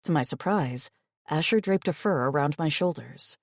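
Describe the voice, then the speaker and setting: A woman narrating a first-person audiobook in an expressive, breathy reading. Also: low voice, moderate pace, dry recording, clean studio sound.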